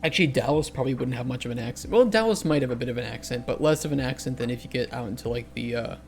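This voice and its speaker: A man's voice: mid-range voice, rapid-fire, darkish tone. A man, an indie game developer, talks casually to chat while he codes on a livestream. He answers questions as they come and often restarts his sentences. Faint music runs in the background.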